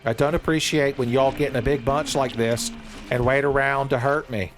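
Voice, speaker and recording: A man giving casual, jokey let's-play commentary, rambling and breaking into excitable outbursts. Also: medium pitch, moderate pace, music in the background. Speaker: gaming streamer.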